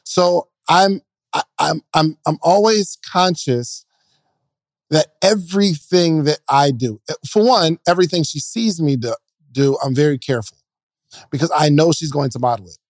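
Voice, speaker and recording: A young man on a podcast telling a relaxed, slangy story in casual chat. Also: on the high side, moderate pace, no echo.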